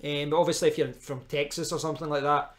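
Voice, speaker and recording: A Scottish man, his voice sitting a little high for a man, chats through a live stream in an easy, rambling way. He picks up viewers' comments and talks back to them. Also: steady tone, fast. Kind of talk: casual live-stream chat.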